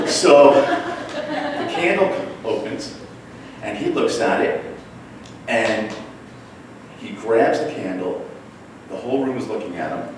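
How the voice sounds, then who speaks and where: A man telling a personal story on stage at a storytelling class, wry and animated, mimicking voices for punchlines. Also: medium pitch, a little hiss or hum. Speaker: storyteller at a live class show. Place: small theater with an audience. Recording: echoey room recorded from far off.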